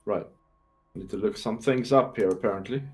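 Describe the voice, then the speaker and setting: A man's voice: fairly low pitch, normal speed, darkish tone. A man running a tabletop game as game master, narrating scenes with fillers and restarts. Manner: descriptive, thinks aloud with fillers and restarts; clears his throat between lines.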